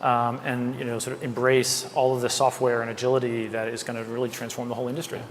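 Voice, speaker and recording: Fast-talking male interviewer in a hall. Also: mid-range voice, completely flat delivery, slight background noise. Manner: upbeat, conversational, quick. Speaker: host and interviewer. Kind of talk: panel interview.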